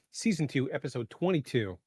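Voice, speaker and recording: A man hosting a live podcast in casual chat, rambling with many fillers and clearing his throat from allergies. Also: a little high, big pitch swings, normal speed, a little mellow, dry recording. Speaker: podcast host. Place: home setup in the eastern US.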